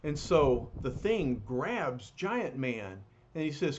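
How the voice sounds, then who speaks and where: A man reading a comic book aloud to a child, getting expressive with the heroes' lines. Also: measured pace, few pauses, a little hiss or hum. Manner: expressive read-aloud, raises pitch for quoted heroes. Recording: dull lo-fi recording.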